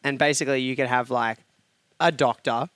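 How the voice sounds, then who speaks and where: A man's voice: medium pitch, steady tone, a little fast, fairly bright tone, smooth, dry recording. A man who is a fitness trainer and nutritionist, explaining things in a rambling, casual way on a podcast. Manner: rambling, explanatory, with many fillers.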